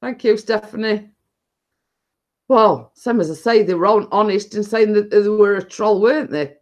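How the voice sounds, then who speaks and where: A woman's voice: mid-range voice, steady tone, normal speed, darkish tone. Chatty northern English woman. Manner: chatty, rambling, laughs often. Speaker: live streamer. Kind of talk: casual live-stream chat.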